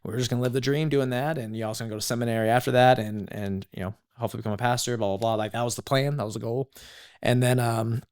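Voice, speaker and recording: A man in his thirties, a podcast guest telling his story in a casual, animated way, full of "like" and "legit". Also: medium pitch, racing, smooth.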